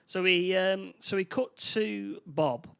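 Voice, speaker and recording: Man, gravelly voice, northern english accent, halting film recap, lots of restarts. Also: sits high, fairly bright tone. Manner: halting, many restarts, acts out character lines. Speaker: podcast co-host. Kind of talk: casual film recap chat.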